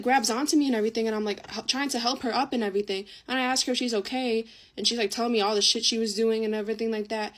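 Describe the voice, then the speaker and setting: A young woman telling a casual storytime while doing her makeup, chatty and full of swearing and fillers. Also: a little high.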